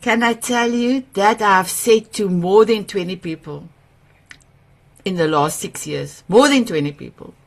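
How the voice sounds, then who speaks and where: On a video call, a woman hosting a summit shares her personal stories, her South African accent marking her as an Afrikaans speaker. She talks at a measured pace and medium pitch, gushing with warmth, emotional and often laughing.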